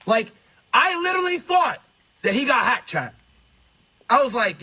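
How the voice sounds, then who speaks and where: A man's voice: very high-pitched, sing-song, moderate pace, pauses often, sharp tone, slightly rough. A man hosting a live stream, retelling an exchange of messages in a profane, incredulous, storytelling way. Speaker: streamer reacting to clips.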